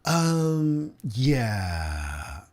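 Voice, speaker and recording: An awkward, hesitant male boss who stalls with ums and long pauses before firing an employee, as a man acts him out. The voice stays close to the speaker's own, a little higher at times. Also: sing-song, darkish tone. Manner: halting, full of ums and pauses.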